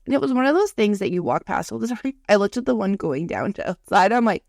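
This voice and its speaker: A woman's voice: medium pitch, animated, racing, creaky, hardly any pauses, darkish tone, dry recording, clean studio sound. A woman in her thirties co-hosting a podcast, telling stories in a casual, chatty way with quoted asides. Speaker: podcast co-host. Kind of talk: casual chat.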